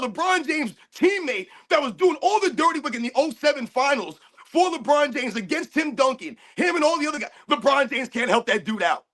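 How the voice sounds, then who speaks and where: Man, very high voice, bright and forceful, heated rhetorical ranting, sports stream co-host. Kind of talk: sports rant livestream.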